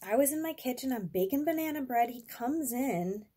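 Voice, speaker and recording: A woman's voice: sits high, lively intonation, moderate pace, dark tone, slightly rough. A young adult woman vlogger telling a rambling, profane, exasperated story in a casual storytime vlog.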